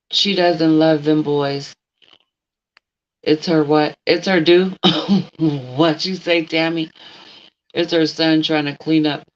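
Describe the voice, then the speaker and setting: A woman's voice: low-pitched, dull audio. A middle-aged woman hosting a casual livestream, blunt and outspoken, talking straight at someone who isn't there and answering her chat. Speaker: livestream host.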